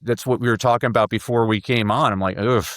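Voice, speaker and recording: A man's voice: medium pitch, fairly even intonation, fast, fairly bright tone, dry recording, clean studio sound. A man guesting on a podcast, telling stories with enthusiasm, often repeating his first words before a sentence gets going. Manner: enthusiastic, repeats words when starting sentences, acts out quotes. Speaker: guest, speaker and professor. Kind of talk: animated podcast storytelling.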